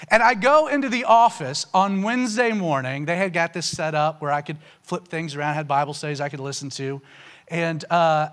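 Man, fairly high voice, casual storyteller, animated testimony. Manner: casual and conversational, with frequent fillers like "you know" and "man"; animated, rising sharply in pitch on emotional punchlines. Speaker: speaker giving a personal testimony.

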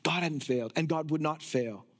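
A male preacher delivers an expository sermon. He speaks in an emphatic, rhetorical way, with a voice that sits high for a man. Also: normal speed. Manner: emphatic, rhetorical, sometimes laughing at absurd ideas.

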